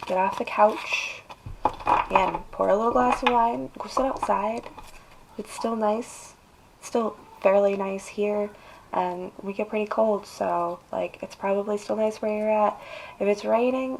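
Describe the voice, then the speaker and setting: Woman doing a tarot reading, slow and drawn out, pushes you, coaxing and emphatic. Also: mid-range voice, gravelly, a little hiss or hum, low-quality recording. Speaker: tarot reader.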